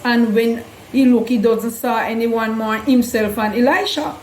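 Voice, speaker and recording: A woman's voice: a little high, fairly even intonation, a little slow, few pauses. A woman earnestly retelling Bible stories in loose, non-standard grammar, with an echo around her voice. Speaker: host, Bible storyteller. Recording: echoey room with faint hum.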